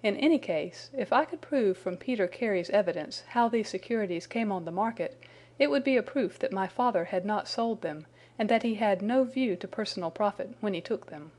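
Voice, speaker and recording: A woman's voice: mid-range voice, animated, a little fast, darkish tone, lightly acted. A woman reading the part of an anxious young man confessing his story after his arrest, in an earnest, explanatory way.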